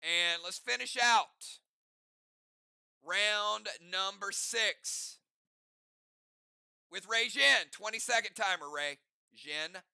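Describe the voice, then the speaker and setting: A man hosting a live game session, calling out turns and timers while teasing the players with energetic banter. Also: high-pitched, slow pace, creaky, long pauses, smooth, dry recording, studio quality.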